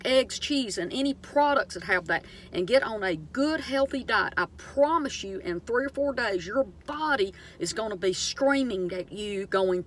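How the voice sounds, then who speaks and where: A woman's voice: mid-range voice, normal speed, few pauses. Middle-aged Southern woman, earnest and preachy, rambling vlog storyteller. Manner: earnest, preachy, animated storytelling with many fillers. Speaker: vlogger. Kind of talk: casual inspirational monologue.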